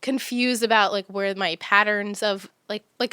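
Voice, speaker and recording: Podcast co-host, woman, conversational, reads from her notes with easy laughs; smooth tone, dry room. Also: mid-range voice, a little fast, few pauses, pushed and bright, no room sound. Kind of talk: casual chat about a TV show.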